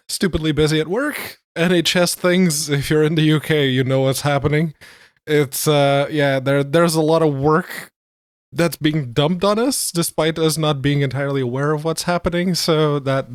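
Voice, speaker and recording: A man's voice: on the high side, no room sound. A man co-hosting a casual podcast, with a dry, wry, understated way of talking. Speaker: podcast co-host. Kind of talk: casual chat.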